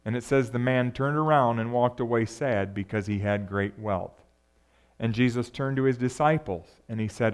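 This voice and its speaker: A pastor preaching a sermon in a conversational way, often asking the congregation rhetorical questions. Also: male voice, medium pitch, moderate pace.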